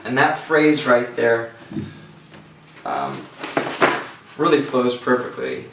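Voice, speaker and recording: A man teaching a songwriting lecture, talking thoughtfully with pauses and restarts, recorded from a distance from the mic. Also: medium pitch, sing-song, creaky, background noise. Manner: thoughtful, with pauses and restarts, breaks into sung examples. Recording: roomy sound from a distance from the mic.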